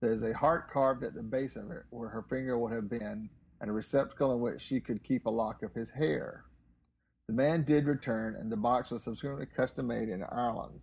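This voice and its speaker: A man's voice: mid-range voice, steady tone, brisk, vocal fry, a little mellow, breathy edge, low-quality recording. A man co-hosting a casual talk show, reading news articles aloud in a dry, matter-of-fact way with offhand asides. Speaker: co-host reading news stories.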